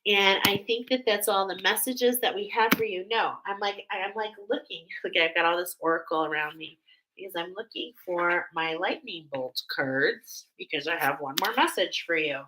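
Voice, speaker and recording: A woman giving a spiritual oracle card reading to her viewers, speaking with emotional awe and warm affirmations. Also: on the low side, normal speed, background noise.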